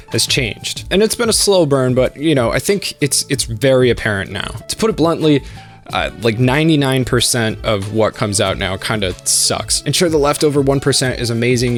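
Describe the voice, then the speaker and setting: Male channel host, mid-pitched voice, sarcastic and opinionated video-essay rant, faint guitar music underneath. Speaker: YouTube anime channel host.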